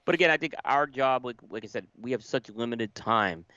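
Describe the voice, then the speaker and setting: A man's voice: medium pitch, lively intonation, brisk, pushed and bright, no echo. A man co-hosting a podcast, speaking casually and emphatically. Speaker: podcast co-host. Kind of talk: casual chat. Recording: dull lo-fi sound.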